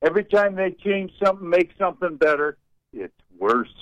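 An older man calling in to a radio show, talking in a folksy, rambling, wry way and clearing his throat from allergies. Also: sits high, lively intonation, fairly quick, no room sound, dull audio. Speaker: radio caller. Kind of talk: call-in radio chat.

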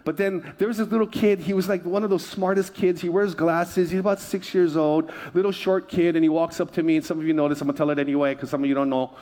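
A man's voice: a little high, steady tone, fast talker, hardly any pauses, a little mellow, big-room sound. A middle-aged man preaching a sermon as pastor, chatty and humorous, throwing asides to his congregation.

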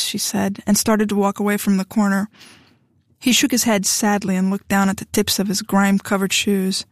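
A woman's voice: mid-range voice, level tone, moderate pace, no echo, studio quality. A woman narrating an audiobook, reading the dialogue with light shifts for each character. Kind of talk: scripted narration.

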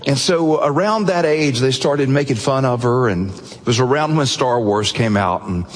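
Earnest preacher in a reverberant hall. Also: male voice, medium pitch. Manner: earnest, slows and softens for emotional moments. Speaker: pastor. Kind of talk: sermon storytelling. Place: church sanctuary. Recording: long reverb of a large hall.

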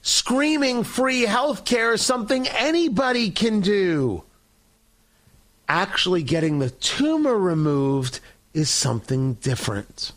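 A man's voice: sits high, big pitch swings, slow, fairly bright tone. A man hosting a political talk show, delivering an opinionated monologue in a sarcastic, combative, mocking way.

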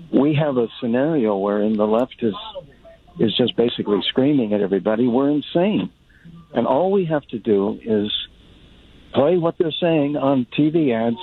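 A man calls in to a radio show, and his voice comes through a tinny phone line. He has a gravelly, creaky tone. He speaks earnestly, with a somewhat formal choice of words. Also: medium pitch. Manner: earnest, formal word choices, chuckles at himself. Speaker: caller. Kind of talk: call-in radio chat.

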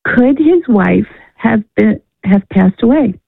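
Gravelly-voiced woman caller on a tinny phone line. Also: on the high side, expressive, dry recording. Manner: halting, many restarts and fillers. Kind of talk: phone-in conversation.

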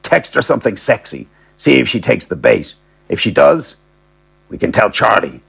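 A man plays a scheming older solicitor, blunt and crude, tossing out insults with a rough, gravelly edge. His voice sits low and sounds a little husky. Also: big pitch swings, normal speed, a bit bright, full character voice. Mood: pushy.

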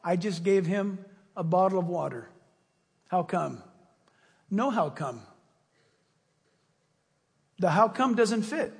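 A man's voice: high voice, animated, slow, creaky, long pauses. A male preacher giving an emphatic, folksy sermon, asking his listeners questions, heard in the long reverb of a large hall.

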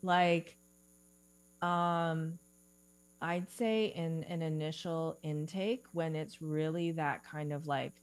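Thoughtful woman career coach, lower voice. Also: fairly even intonation, slow, clear, resonant tone. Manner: thoughtful, talks in bursts with many fillers. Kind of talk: podcast interview guest. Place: Eugene, Oregon.

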